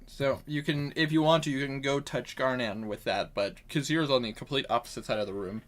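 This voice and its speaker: A man's voice: medium pitch, a little fast. Congested man running a tabletop game. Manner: stop-start, correcting himself mid-sentence. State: congested with a cough. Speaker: dungeon master. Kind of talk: narrating a tabletop game over voice chat.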